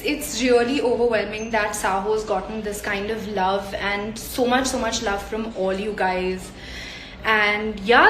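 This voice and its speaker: A bubbly young woman with an Indian accent and a mid-range voice reads fan comments aloud on a live stream, chatty, quick to laugh, and sending hugs and kisses. It's a work day and she's indoors away from home; her phone stream picks up an echoey room and slight background noise.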